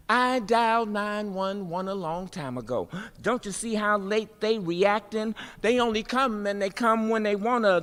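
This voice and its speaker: A woman performing spoken-word poetry with rhythmic, emphatic refrains and dramatic pauses, then speaking informally at a festival event. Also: medium pitch. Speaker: poet and city politician speaking at a festival. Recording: long reverb of a large hall.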